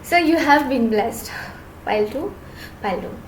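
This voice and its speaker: A woman's voice: sits high, expressive, moderate pace, reverberant, slight background noise, low-quality recording. A woman giving an earnest, reassuring tarot reading to her viewers, often repeating phrases. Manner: earnest, reassuring, repeats herself, gets emotional. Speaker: tarot reader.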